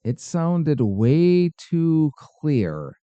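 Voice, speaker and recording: A man's voice: a little high, very animated, very slow, mellow, dry recording, dull audio. A man hosting a podcast, reacting to paranormal videos with skeptical, sarcastic commentary. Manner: skeptical, dry, sarcastic asides. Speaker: podcast host.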